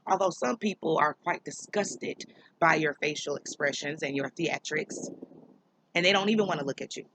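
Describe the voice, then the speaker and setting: A woman's voice: low-pitched, fairly bright tone, slight background noise, poor audio. A woman hosting her own commentary vlog, talking straight to the viewer in a sassy, mocking way. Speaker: vlog host.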